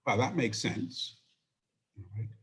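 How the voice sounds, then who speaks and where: A man teaching an economics class, hoarse and losing his voice, explaining step by step and asking rhetorical questions. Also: fairly low pitch, takes it slowly, a bit bright. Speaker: economics instructor. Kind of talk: recorded lecture.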